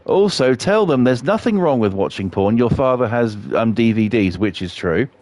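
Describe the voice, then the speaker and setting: A man's voice: medium pitch, lively intonation, moderate pace, darkish tone, dry recording. A middle-aged man streaming live, chatting casually and telling rambling, sweary stories while he laughs at his own jokes. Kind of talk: casual storytelling while playing a game live.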